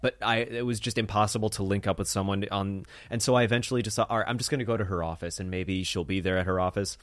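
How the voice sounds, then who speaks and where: A young man co-hosting a podcast, telling a rambling comic story with animated quoted voices. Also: on the low side, fast, no room sound, clean studio sound. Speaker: podcast co-host. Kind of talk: casual comedic chat. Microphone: studio mic on a stand.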